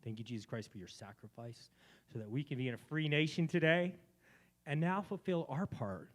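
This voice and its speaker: A man hosting a live community gathering, speaking fervently about faith and swinging between soft and loud phrases. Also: fairly high pitch, fairly quick. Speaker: event host. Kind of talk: spiritual talk at a live gathering.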